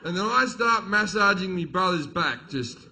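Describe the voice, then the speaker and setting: A middle-aged man does stand-up, spinning a crude, swear-laden family story. His voice sits high and rings bright. He tells it in an animated way. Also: moderate pace, a little hiss or hum. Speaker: stand-up comedian. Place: comedy stage.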